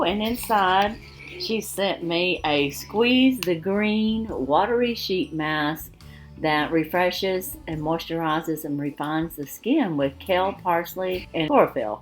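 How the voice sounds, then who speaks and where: A woman vlogging at home, chatting to viewers in a gushing, rambling way. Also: fairly low pitch. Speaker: beauty vlogger. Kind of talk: casual chat to viewers.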